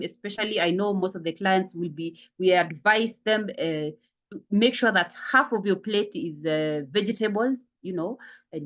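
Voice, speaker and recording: A woman's voice: medium pitch, a bit bright. A woman giving a health and wellness talk, repeating words for emphasis, with frequent fillers. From Kenya. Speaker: wellness speaker. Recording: dull lo-fi sound.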